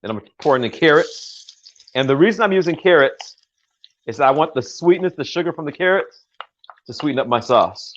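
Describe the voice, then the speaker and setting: A man's voice: a little high, lively intonation, moderate pace, fairly bright tone, highs cut off, slight background noise. An older man from the United States hosting a casual cooking livestream in his home kitchen, talking in a chatty, rambling way with jokes and self-corrections.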